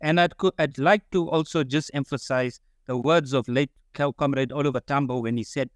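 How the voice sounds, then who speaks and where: A man's voice: mid-range voice, fairly even intonation, moderate pace, no echo, clean studio sound. A man giving formal closing remarks at a symposium, earnest and solemn, calling everyone comrade over a video call. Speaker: symposium speaker.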